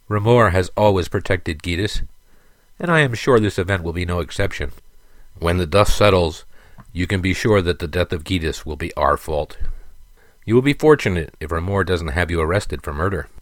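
A man's voice: deep voice, moderate pace, no room sound, lightly acted. A man voicing an old caravan driver who talks bluntly and plainly. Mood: grim.

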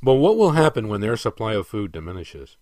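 A stern aging emperor in an audiobook, measured and commanding as he lectures, read by a man. The voice sits low. The sound is dry and close. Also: sing-song, darkish tone, dry recording.

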